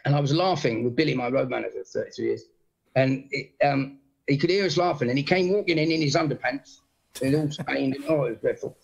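A middle-aged man, a guest comedian, telling animated stories with blunt swearing over a video call. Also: medium pitch, fast, creaky, breathy edge, lo-fi sound. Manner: animated storyteller, frequent impressions, blunt swearing. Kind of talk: casual anecdote telling.

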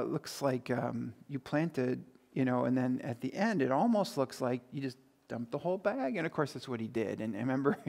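A man's voice: mid-range voice, gravelly. A male pastor preaching a sermon in a conversational way, full of fillers and restarts, chuckling now and then. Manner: conversational, many fillers and restarts, chuckles at his own stories.

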